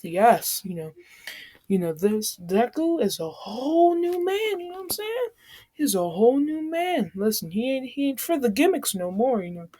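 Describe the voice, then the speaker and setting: A woman's voice: on the high side, animated, moderate pace, warm tone. A woman casually retelling a made-up fan story, rambling in slang with constant fillers.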